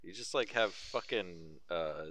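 A man's voice: sits low, unhurried, fairly bright tone, no echo. A young man chatting casually on a podcast, laid-back and swearing freely. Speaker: podcast co-host.

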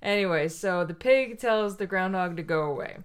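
A woman co-hosting a casual podcast, playfully retelling a children's picture book and acting out the animals in quick bursts. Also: fairly low pitch. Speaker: podcast co-host reading a picture book aloud.

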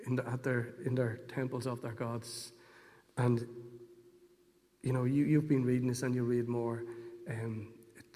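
A middle-aged man preaching his own testimony, moving between hushed moments and fervent storytelling. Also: medium pitch. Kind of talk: testimony sermon. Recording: long hall reverb.

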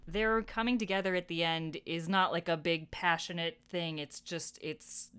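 A young woman co-hosting a podcast, chatting in a gushing, excitable way. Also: lowish voice, normal speed, smooth. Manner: gushing, excitable, laughs often. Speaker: podcast co-host. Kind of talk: casual chat.

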